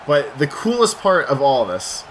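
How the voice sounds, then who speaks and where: A man's voice: mid-range voice, very animated, measured pace, a crowd in the background. A young man, a let's play commentator, casually telling a rambling, self-deprecating story over gameplay.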